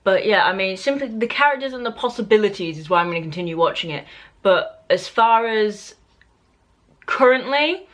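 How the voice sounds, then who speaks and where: A woman's voice: fairly low pitch, fairly bright tone. A young British woman with a British accent, chatting casually to camera in a review vlog. She is opinionated and talks loosely, with lots of fillers and restarts. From Britain. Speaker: book and TV reviewer.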